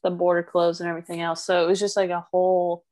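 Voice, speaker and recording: A woman in casual chat with a friend, emotional and chatty, with quick bursts of speech. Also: lowish voice, completely flat delivery, darkish tone. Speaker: friend and mother.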